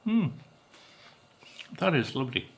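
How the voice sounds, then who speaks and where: Slow, gravelly British man savoring cake. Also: medium pitch, big pitch swings. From Britain. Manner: slow, musing, savoring with hums between bites. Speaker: food vlogger. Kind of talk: casual food tasting vlog.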